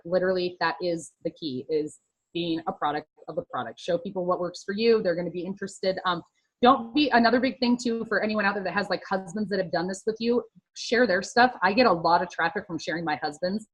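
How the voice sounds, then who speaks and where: A woman's voice: mid-range voice, brisk, a bit bright, slightly rough, low-quality recording. A woman in her thirties, a fitness coach, talking casually and upbeat about social media tips, with lots of fillers.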